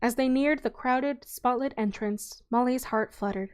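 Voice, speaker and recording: Woman, fairly high voice, relaxed read-aloud of a children's book. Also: clean tone. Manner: relaxed, unhurried reading with small slips. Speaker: streamer reading a novel aloud. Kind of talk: reading a children's novel aloud.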